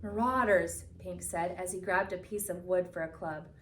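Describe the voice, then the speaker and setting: A woman reading a picture book aloud with expressive storytelling, slowing down for the solemn moments. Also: lowish voice, slight background noise. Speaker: reader. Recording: echoey room from a distance.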